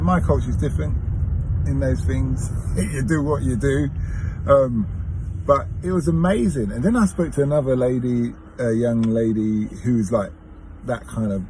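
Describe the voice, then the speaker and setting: Man, taxi driver, casual storytelling, chatty, self-correcting, car and street noise clearly audible. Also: medium pitch.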